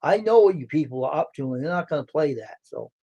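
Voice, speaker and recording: A man's voice: fairly high pitch, expressive, fast, dark tone, dull audio. Blunt, swearing man. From Brockton, Massachusetts. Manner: blunt, gruff storyteller who swears freely. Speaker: livestream host. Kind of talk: casual livestream chat.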